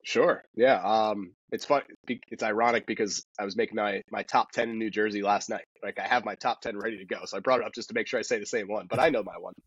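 Male guest and golf instructor, low-pitched, husky, quick animated storyteller, dull recording. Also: dry recording. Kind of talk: casual storytelling.

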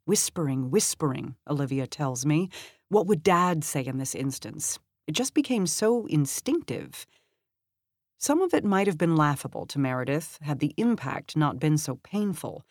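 A woman giving a measured, scripted narration of a long magazine article, lifting her voice when she reads quoted lines. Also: deep voice, no echo, clean studio sound.

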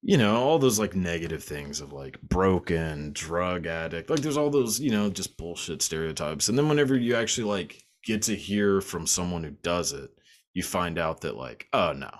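A man's voice: low voice, expressive, normal speed. A man hosting a podcast in casual chat, laughing often, swearing and rambling with many fillers. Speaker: podcast host.

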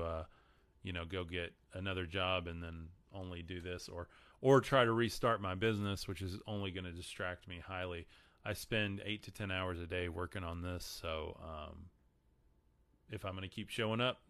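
A man's voice: deep voice, fairly bright tone, smooth, no echo. A man with a Texan accent hosting a live stream, chatting casually about the Bible and answering viewer comments. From Texas. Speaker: podcast host.

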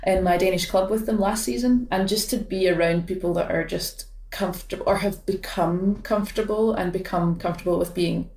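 A woman's voice: lowish voice, steady tone, a little fast, hardly any pauses, a little mellow, roomy sound, distant mic. A Scottish woman in her late twenties, a badminton player chatting in an interview, hesitant with many fillers and restarts. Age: late 20s. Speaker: professional badminton player, guest. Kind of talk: casual interview chat.

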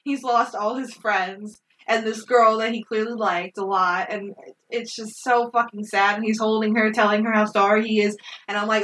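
A woman in casual chat recapping a movie, animated, swearing often and laughing. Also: medium pitch, moderate pace, recorded from a distance, rough recording.

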